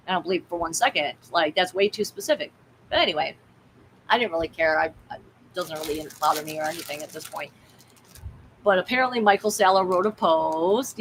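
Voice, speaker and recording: A woman's voice: fairly low pitch, fairly bright tone, a little hiss or hum, poor audio. Blunt, rambling woman streaming live. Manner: candid, rambling, blunt, swears freely. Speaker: tarot reader and livestream host. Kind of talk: casual livestream chat.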